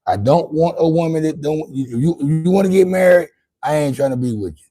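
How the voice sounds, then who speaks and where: A man's voice: fairly high pitch, a little fast, dark tone. Rambling, profane man on a livestream. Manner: loose, profane, rambling talk with many restarts. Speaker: livestream host. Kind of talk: casual livestream monologue.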